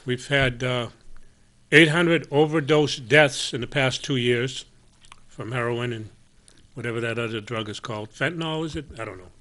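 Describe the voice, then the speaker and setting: A man co-hosting a local cable talk show, speaking bluntly with some sarcasm and often trailing off quietly. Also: mid-range voice, moderate pace. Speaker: co-host. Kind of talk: casual public-access talk show.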